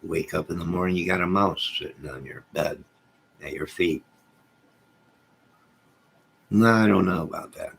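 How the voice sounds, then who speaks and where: A man's voice: sits low, measured pace, gravelly, pauses often, fairly bright tone, a little hiss or hum. A man hosting a casual livestream from home, joking and teasing viewers by name as he reads the chat. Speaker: livestream host reading chat. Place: at home with goats nearby.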